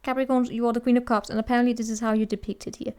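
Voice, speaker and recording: A woman's voice: fairly high pitch, flat delivery, racing, darkish tone, smooth. A woman giving a casual, chatty tarot reading to viewers, teasing and laughing as she talks, often restarting her sentences. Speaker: tarot reader.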